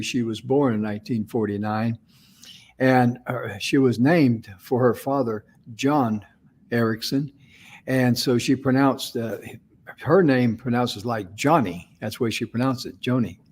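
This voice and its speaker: A man's voice: mid-range voice, fairly even intonation, moderate pace, a little mellow, husky. A man co-hosting a talk show, telling an inspirational story in a folksy, conversational way. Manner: folksy, affirming with frequent mm-hmms. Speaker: co-host.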